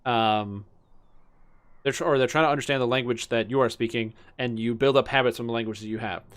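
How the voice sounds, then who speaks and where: A man's voice: mid-range voice, fairly even intonation, a little fast, clear, resonant tone. A man streaming a game, chatting casually and rambling with many fillers. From Canada. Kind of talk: casual gaming chat.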